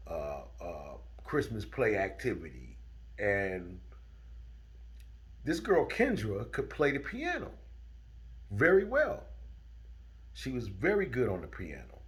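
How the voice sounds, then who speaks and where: A middle-aged man telling a true story from his school days in a casual, drawling way that turns heated. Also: on the low side. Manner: drawling, chuckling, gets heated and loud.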